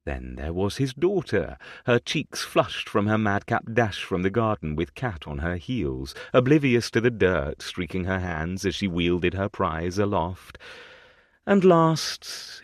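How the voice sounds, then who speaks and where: A man narrating a historical romance audiobook with an expressive, varied delivery on a close mic. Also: on the low side, no room sound.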